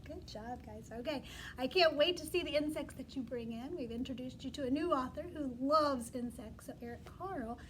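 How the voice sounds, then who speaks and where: A woman teacher reading a storybook aloud to young children, animated and coaxing, asking them to repeat words after her. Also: sits high, moderate pace, a little hiss or hum.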